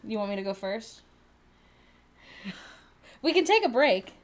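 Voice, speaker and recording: A woman's voice: a little high, sing-song, measured pace. A woman co-hosting a casual livestream, playful and teasing, often laughing. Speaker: livestream co-host.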